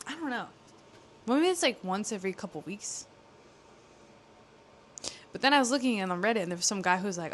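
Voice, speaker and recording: Speaking briskly in a medium, slightly bright pitch, a young woman opens up to the camera in a casual confessional vlog, expressive and rambling with many fillers and long pauses. There's a faint hiss or hum in the recording.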